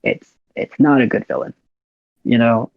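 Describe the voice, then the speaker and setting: A man's voice: medium pitch, steady tone, a little slow, no echo. A laid-back young man from the United States, talking easily as a podcast guest and laughing now and then. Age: young adult. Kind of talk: casual conversation. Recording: dull lo-fi dry audio.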